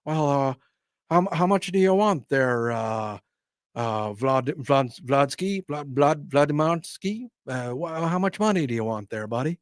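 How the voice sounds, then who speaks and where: A man doing a halting, stumbling impression of a doddering older male president, tripping over names. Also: medium pitch, lively intonation, no room sound, clean studio sound, close to an everyday voice. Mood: fumbling.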